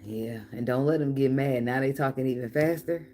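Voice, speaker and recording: A middle-aged woman with a notably low voice talks through a tarot reading in a loose, joking way. She swears freely, laughs often and teases her listeners. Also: moderate pace, hardly any pauses, dark tone. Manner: profane, laughing, playful banter. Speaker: tarot reader.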